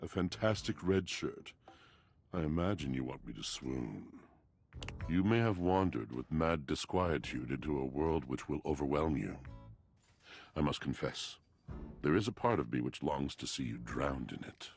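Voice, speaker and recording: An actor voicing a mournful, poetic male object in a dating game, with a very deep, slow, theatrical delivery. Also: expressive, creaky, heavily acted. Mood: mournful, seductive. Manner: melancholic, archaic poetic speech. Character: brooding gothic male object, mournful poet. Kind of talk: video game voice acting.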